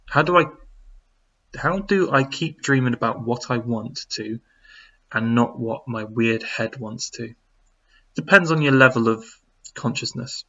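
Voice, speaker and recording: A man chats loosely on a live stream, reading viewer questions aloud and wandering through his answers with plenty of ums. His voice sits at an ordinary middle pitch. The stream audio is a little dull and lo-fi. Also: measured pace, pauses often, pushed and bright. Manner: rambling, reads out chat messages with many fillers. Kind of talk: casual live-stream chat.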